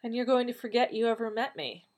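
Woman doing feisty Donna, blunt and loud. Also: a little high, quick pace, voice pushed up, lightly acted. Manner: blunt, teasing, exclaiming.

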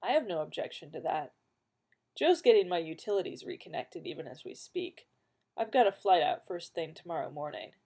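A wry, calm male companion, voiced by a woman reading aloud, who talks in a dry, teasing way and holds firm when pushed. The voice is slightly low and mellow. It is an audiobook reading. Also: moderate pace, creaky, breathy edge, heavily acted.

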